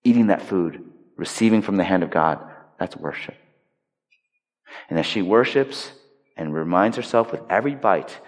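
A male pastor giving a conversational, emphatic sermon, swinging between loud stressed lines and hushed quiet points. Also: fairly low pitch, animated, moderate pace, pauses often. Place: large hall. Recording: long reverb of a large hall.

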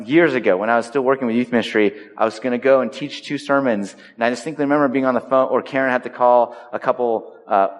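A pastor preaching a sermon to his church, animated and dramatic, swinging between loud exclamations and slow, quiet lines. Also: mid-range voice. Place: church sanctuary. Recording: long reverb of a large hall.

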